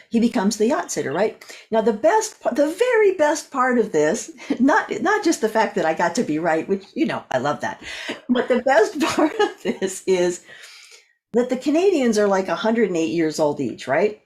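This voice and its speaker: A woman's voice: fairly high pitch, normal speed. A woman guest on an interview show, telling a long story. Her voice swoops widely as she acts out each person in it. She talks freely, with a coach's ease. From California. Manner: animated storyteller acting out voices.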